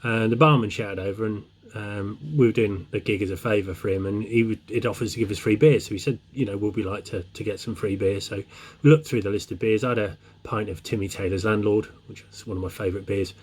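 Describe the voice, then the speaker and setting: A man's voice: lowish voice, steady tone, fast talker, few pauses, a little mellow, husky. A man telling a joke as a chatty, meandering anecdote. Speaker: joke teller.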